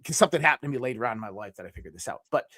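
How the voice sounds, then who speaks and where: A man telling a personal story as a podcast guest, animated and casual, often restarting his sentences and swearing now and then. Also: medium pitch, very fast.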